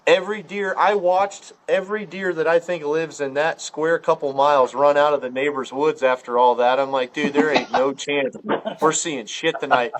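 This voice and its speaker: A man's voice: steady tone, normal speed, slight background noise. A man from Ohio telling a hunting story in casual chat, rambling and profane, acting out the dialogue. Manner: rambling, profane storyteller full of filler words; acts out quoted dialogue with jumps in pitch. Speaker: podcast guest storyteller.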